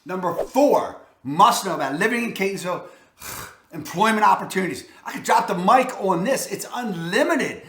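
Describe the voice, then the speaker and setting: Baltimore-accented male realtor for a vlog: raised pitch, punchy and salesy, recorded in a roomy, echoing space. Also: animated, moderate pace, fairly bright tone. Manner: salesy, emphatic, repeats "I'm telling you" and "boom". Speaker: real estate agent. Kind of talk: enthusiastic real estate vlog.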